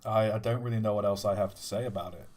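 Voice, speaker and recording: A man's voice: on the low side, steady tone, fast, a little mellow. A man hosting a livestream, chatting casually and telling an old joke, rambling and restarting his words. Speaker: livestream host.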